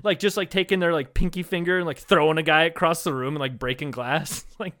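A man's voice: on the high side, steady tone, brisk, bright, forceful tone. A man co-hosting a casual comedy podcast, telling crude, profane stories and laughing often. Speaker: podcast co-host.

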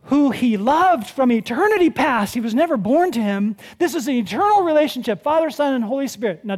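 A pastor preaching a sermon in a conversational, animated way, asking the congregation rhetorical questions and swinging between loud and hushed. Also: medium pitch.

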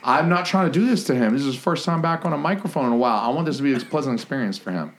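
A man's voice: medium pitch, expressive, racing, noisy background. A man hosting a podcast, joking crudely with guests, swearing and laughing a lot. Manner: loud, profane, laughing often. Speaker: podcast host. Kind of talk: crude comedic banter.

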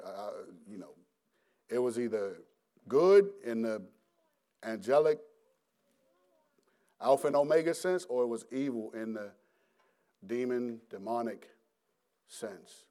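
A middle-aged man giving a personal testimony as a preacher, animated and halting, often restarting his words, acting out his past self and breaking into laughter. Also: medium pitch.

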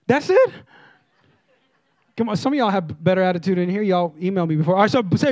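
A man preaches from the pulpit in a notably high voice. He drives hard on key phrases, then sinks into hushed, low asides, and has the congregation repeat lines back to him. The sound is dry and close. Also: animated, quick pace, no echo. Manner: dynamic preaching, swings from loud emphasis to hushed low tones; leads congregation in call-and-response. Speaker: pastor. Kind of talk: sermon. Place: church.

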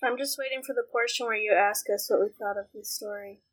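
A woman's voice: mid-range voice, fairly even intonation, quick pace, husky, poor audio. A woman on a casual podcast chat, speaking in a dry, teasing, plain-spoken way. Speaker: podcast co-host.

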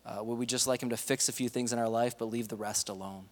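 A man's voice: medium pitch, fairly even intonation, fast talker, a little mellow. A man preaching a sermon in a casual, conversational way, acting out the stories he retells. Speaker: pastor. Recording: long reverb of a large hall.

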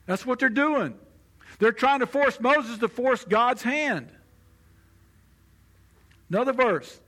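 A man's voice: extremely high pitch, slow pace, pauses often, sharp tone. A man preaching a sermon in a conversational way, now and then acting out the voices of the people he quotes. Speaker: pastor.

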